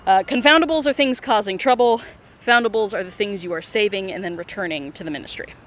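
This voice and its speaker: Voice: medium pitch, fast, fairly bright tone, a little hiss or hum. Chatty giggly streamer outdoors. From United States. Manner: chatty, giggles often, many fillers. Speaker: mobile game streamer. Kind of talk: casual live-stream chat while playing. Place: outdoors on city streets and in a park.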